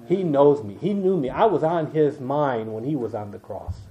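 An older man preaching an evening sermon, reading scripture slowly with emphasis and dropping into quiet asides. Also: medium pitch, lively intonation. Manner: reads King James verses slowly and with emphasis, asides in a dropped voice. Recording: dull lo-fi church recording.

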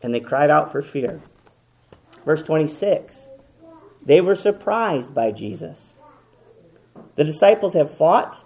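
Gravelly impassioned preacher man. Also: on the high side, lively intonation, slow, pauses often. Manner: impassioned, swinging from loud to hushed; repeats words and restarts. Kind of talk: sermon.

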